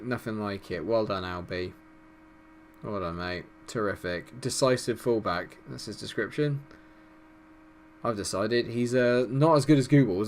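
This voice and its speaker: A man's voice: on the low side, a little hiss or hum. Exasperated man commentating gameplay. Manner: exasperated, swears, swings from mutters to outbursts. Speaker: gaming commentator.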